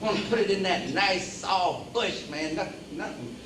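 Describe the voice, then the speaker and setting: Preacher-style man with a high voice, emphatic and repetitive, recorded far off in an echoey hall, faint hiss. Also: unhurried. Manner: emphatic, repeating phrases for emphasis; addresses the audience as brothers and sisters. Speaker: lecturer. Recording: roomy hall, speaker away from the mic, faint background hiss.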